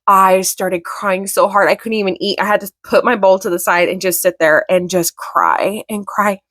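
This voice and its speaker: A woman's voice: mid-range voice, steady tone, normal speed, a bit bright, no echo. A young woman vlogging casually about books, emotional and gushing, with lots of filler words. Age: young adult. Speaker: book vlogger. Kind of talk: casual chat.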